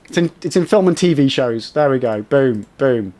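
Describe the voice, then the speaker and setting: A man's voice: medium pitch, lively intonation, moderate pace, a little mellow. A man livestreaming a game, chatting with viewers and swearing at enemies. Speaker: game streamer. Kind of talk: live gameplay commentary chatting with viewers.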